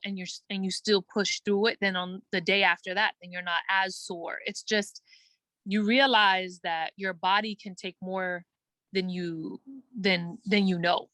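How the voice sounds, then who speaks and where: A woman guest in a casual interview, telling her story earnestly and quickly, acting out her own thoughts and using many "like" fillers. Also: mid-range voice, fairly even intonation, pushed and bright, no echo. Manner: earnest, fast storytelling with quoted self-talk and many "like" fillers. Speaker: guest entertainer.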